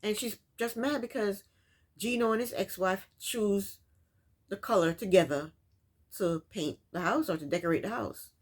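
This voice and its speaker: Speaking at a medium pitch and moderate pace, she casually recaps a reality show in her own terms. Her manner is sassy, and she keeps scolding the cast as she goes.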